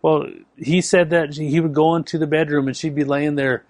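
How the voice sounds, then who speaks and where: A man's voice: on the high side, level tone, normal speed, darkish tone, dry recording. A man preaching a sermon, telling a story with emphatic delivery. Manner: storytelling with acted quotes, emphatic.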